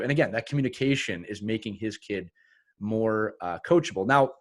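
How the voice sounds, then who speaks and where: A man hosting a casual podcast discussion as a youth hockey coach, energetic and laughing as he tells stories. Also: fairly low pitch, normal speed. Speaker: podcast host.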